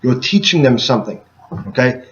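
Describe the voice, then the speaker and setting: A man's voice: mid-range voice, expressive, brisk, a bit bright, dull audio. A man giving a casual sales training talk to door-to-door canvassers. He speaks emphatically and keeps checking in with "okay?" after each point.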